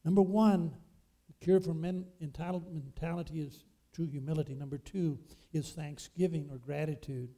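A man's voice: on the high side, fairly even intonation, normal speed, mellow. A man preaching a sermon, emphatic and fond of asking his congregation questions.

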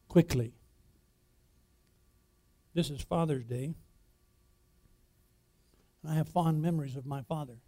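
A man preaching a sermon as pastor, emphatic, posing rhetorical questions to the congregation and swinging between loud declarations and quiet asides. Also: fairly high pitch, measured pace, long pauses.

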